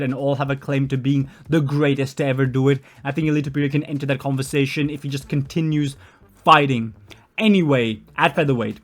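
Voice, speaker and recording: A young man giving a blunt, opinionated solo commentary on fighters, with fillers and self-corrections along the way. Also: mid-range voice. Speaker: MMA commentary channel host. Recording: faint background music.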